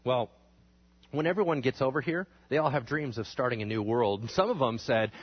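Animated male history teacher, dull recording. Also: medium pitch, a little fast, breathy edge. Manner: animated, acts out quotes in exaggerated voices; asks the class questions. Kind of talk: lively history lecture.

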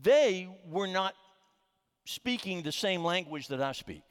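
A man's voice: high voice, expressive, slow, clear, resonant tone. A middle-aged man preaching a sermon as a pastor, telling a humorous story with frequent restarts, in a reverberant sanctuary. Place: church sanctuary.

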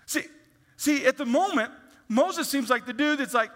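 A man preaching a sermon, acting out voices and swinging from loud to hushed. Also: very high-pitched, big pitch swings, moderate pace, in a large hall. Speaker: pastor.

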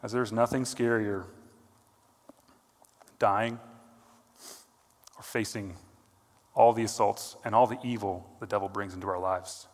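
A male pastor preaching a sermon, earnest, rising to emphatic peaks and then dropping quiet. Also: lowish voice, fairly even intonation, slow pace, pauses often. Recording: long hall reverb.

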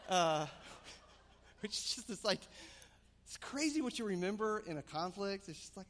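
Male pastor, slightly high voice, lively storyteller, long hall echo. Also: moderate pace, pauses often. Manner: animated storytelling, rising excitement. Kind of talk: sermon with personal story.

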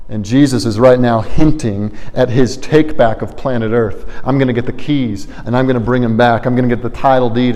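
A man's voice: fairly high pitch, darkish tone. A man preaching a sermon as pastor, earnest and explanatory, painting vivid word pictures. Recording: long reverb of a large hall.

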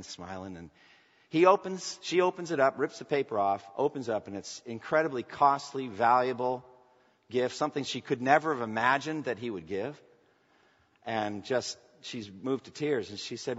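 A man, a pastor, delivering a sermon with impassioned preaching that swings between loud emphatic lines and quiet asides. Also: medium pitch. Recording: echoey church hall, dull lo-fi sound.

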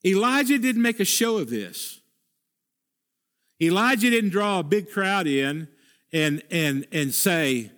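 A male pastor preaching a sermon in an earnest, emphatic way, repeating key phrases, rising sharply when voicing a prayer and dropping low for quiet points. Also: lively intonation, takes it slowly.

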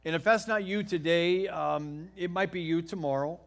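A middle-aged American man preaching a sermon, telling a homey story in a folksy, animated way with frequent restarts. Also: fairly high pitch, normal speed, gravelly. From United States. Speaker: pastor.

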